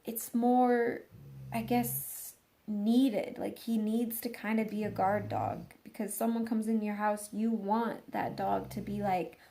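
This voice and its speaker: A woman's voice: medium pitch, fairly even intonation, takes it slowly, creaky, warm tone. A woman dog trainer casually telling a rambling story, full of fillers and restarts.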